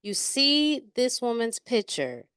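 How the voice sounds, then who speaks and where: A woman hosts a casual interview in a smooth, clear voice. She keeps affirming her guest with enthusiasm. The sound is close and dry. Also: fairly high pitch, big pitch swings, slow, a bit bright, no room sound. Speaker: interview host.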